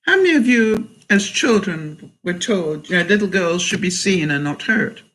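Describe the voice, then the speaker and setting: An outspoken woman vlogger answers her viewers' comments in a relaxed, chatty way. Her voice is bright and forceful, and she leans hard on her points with an assertive, emphatic delivery. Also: lowish voice, moderate pace, rough recording. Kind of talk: casual live chat.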